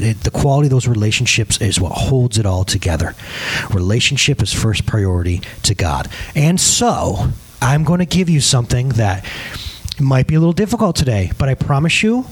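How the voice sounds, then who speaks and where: Male pastor, casual humorous sermon delivery, animated intonation. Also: medium pitch, breathy edge. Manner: casual, joking, lively storytelling. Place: church service.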